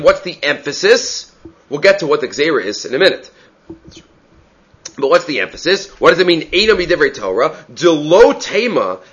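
A man with a fairly high, bright, forceful voice leads a Talmud lesson. He explains each point in turn and keeps asking "right?" as he goes. The recording sounds dull and lo-fi. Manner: explanatory, asks rhetorical "right?" often, mixes Aramaic terms. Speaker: Talmud teacher. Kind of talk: Talmud lecture.

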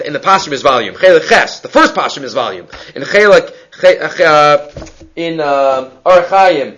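A man's voice: a little high, fairly bright tone. A man teaching a Talmud class, explaining the text step by step, asking rhetorical questions and often restarting phrases. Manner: explains text step by step, mixing Hebrew-Aramaic terms into English.

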